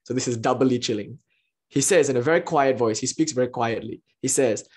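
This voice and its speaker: An enthusiastic spiritual teacher lectures on philosophy in a lively, storytelling way. The voice leaps up in excitement, then drops into quiet, hushed asides, with frequent laughs. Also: medium pitch, a little fast, breathy edge. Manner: swings between excited exclamations and hushed asides.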